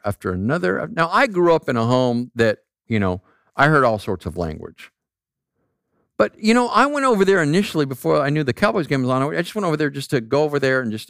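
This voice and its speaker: Male pastor, animated sermon delivery, dry close sound, tells stories and asks the room questions. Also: medium pitch, no echo. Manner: conversational storytelling with rhetorical questions.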